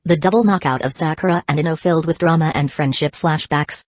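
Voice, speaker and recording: Deep-ish lady voice reading a novel aloud, steady and even, super dry sound. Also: fast talker, no echo. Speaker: audiobook narrator. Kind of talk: scripted novel narration.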